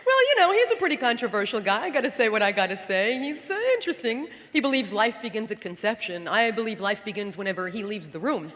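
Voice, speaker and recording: A woman doing live stand-up comedy with a sharp, punchy delivery and mocking put-on voices. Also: mid-range voice, animated, fast talker, hardly any pauses, noisy background. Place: theater stage before a live audience. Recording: roomy live show recording with crowd.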